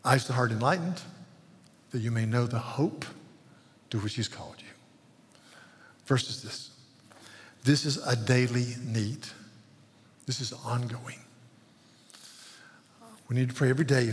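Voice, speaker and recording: A man's voice: mid-range voice, measured pace, pauses often, a little hiss or hum. A man preaching a sermon as pastor, earnest and pleading, often repeating words as he builds. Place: church sanctuary. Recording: long hall reverb.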